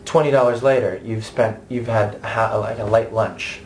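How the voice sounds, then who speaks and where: A man's voice: fairly low pitch, steady tone, moderate pace, few pauses, slight background noise. An American man in his thirties, an actor giving a candid, chatty interview with many restarts and asides. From United States.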